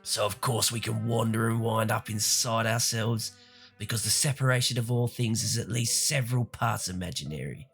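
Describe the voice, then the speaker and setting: A man voicing a gruff male warrior turned rambling philosopher, in a low, solemn, drawn-out voice. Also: fairly bright tone, faint music behind.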